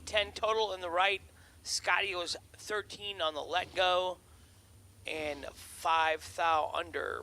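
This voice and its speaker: A man calling drag races live from the track, rattling off numbers and names with excited bursts. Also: high-pitched, creaky, a little hiss or hum. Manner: excited rapid call of race results. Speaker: drag racing announcer. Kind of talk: live race commentary.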